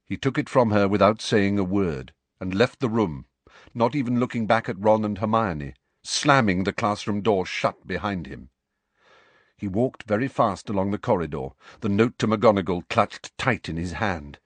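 A man narrating a novel in an expressive, dramatic storytelling manner. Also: lowish voice, breathy edge, dry recording. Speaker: audiobook narrator.

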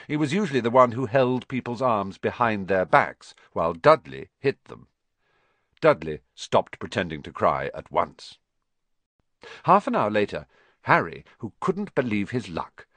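A man narrating a children's storybook audiobook with an expressive, dramatic reading. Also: fairly low pitch, dry recording.

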